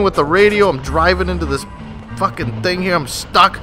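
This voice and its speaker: A man's voice: sits high, moderate pace, soft background music. A man doing live gameplay commentary on his channel, joking and swearing, on a desktop microphone. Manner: profane, joking, animated. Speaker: gaming channel host. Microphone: desktop USB microphone. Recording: noisy, game sounds behind. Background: shooter game sounds, vehicles.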